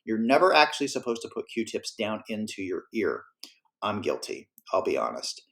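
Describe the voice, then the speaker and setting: A man's voice: on the low side, sing-song, normal speed, creaky, fairly bright tone. Man casually lecturing on ear anatomy. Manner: casual, self-correcting explainer. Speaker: teacher. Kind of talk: classroom lecture.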